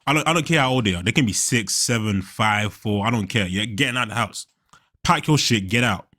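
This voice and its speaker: A young man hosting a movie reaction, animated and profane, laughing often as he talks. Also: on the low side, a little fast. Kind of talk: casual reaction commentary.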